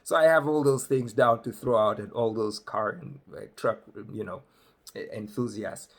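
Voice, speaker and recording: A comedic storyteller from Africa, speaking with an African English accent, tells a funny story in a conversational way and does the voices of the people in it. His voice is fairly low, with fairly even intonation and a moderate pace.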